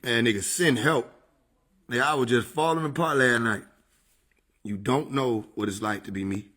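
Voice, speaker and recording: A man's voice: mid-range voice, normal speed, fairly bright tone. A man casually chatting on a livestream into a desk microphone, joking, swearing and laughing often. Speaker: streamer.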